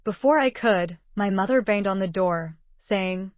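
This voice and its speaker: A woman reading a first-person story aloud as narrator, in an earnest, steady manner. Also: mid-range voice, unhurried, hardly any pauses, no echo, highs cut off.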